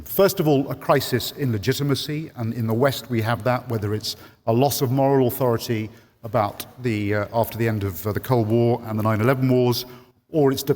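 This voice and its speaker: A man's voice: mid-range voice, darkish tone. A man moderating a conference panel, talking hesitantly with many ums and restarts. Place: large conference hall. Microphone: handheld microphone. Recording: long hall reverb.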